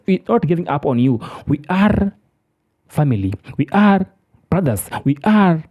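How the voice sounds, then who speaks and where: Lively, preachy speaker. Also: medium pitch, highs cut off. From Africa. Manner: emphatic, preachy, repeats words. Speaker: commentator. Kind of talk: impassioned monologue.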